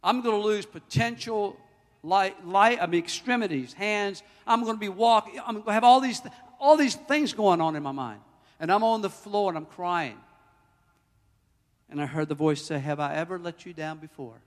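A man preaching a sermon as pastor, emphatic, swinging between loud declarations and hushed, personal storytelling. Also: high voice, moderate pace, in a large hall.

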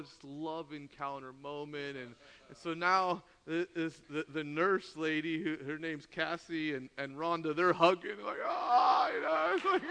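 High-voiced animated preacher in a hall. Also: male voice. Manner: animated storytelling, laughing often, acting out dialogue. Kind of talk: sermon storytelling. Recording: long hall reverb.

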